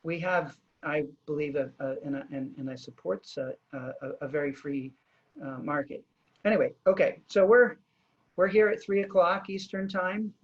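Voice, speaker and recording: A man's voice: fairly high pitch, normal speed, dull audio. Man hosting a video call interview, restarting his thoughts. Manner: thinks aloud with many restarts and fillers. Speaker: host.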